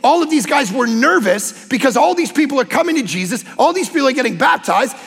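A man preaching a sermon as a pastor, impassioned and emphatic, sometimes breaking into shouts. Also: very high-pitched, animated, fairly quick, slightly rough, big-room sound, faint music behind. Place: church sanctuary.

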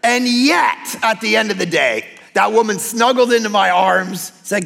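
High-voiced gravelly pastor in a reverberant hall. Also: male voice, measured pace. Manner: animated storytelling with acted-out quotes. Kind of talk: sermon.

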